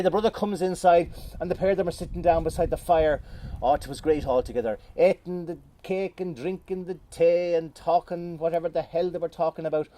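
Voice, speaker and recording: A middle-aged Irish man telling a folk tale in a lively, playful way with dramatic pauses, outdoors. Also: high voice, no echo. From Ireland. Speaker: storyteller. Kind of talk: oral folk storytelling. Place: outdoors on a moor.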